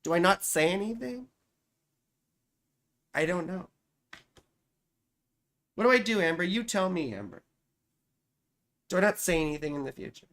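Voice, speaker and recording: A woman's voice: on the low side, animated, moderate pace, pauses often, a bit bright. Chatty, swearing woman astrologer. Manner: chatty, profane, talks back to chat. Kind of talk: casual live-stream astrology reading.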